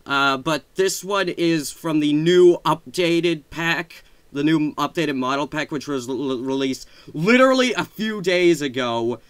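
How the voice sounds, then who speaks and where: A man hosting a casual update vlog from his computer desk, talking excitedly in a rambling way with gushing outbursts and self-corrections. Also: on the high side, measured pace, few pauses, clear, resonant tone, no room sound. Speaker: video channel host. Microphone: desk microphone.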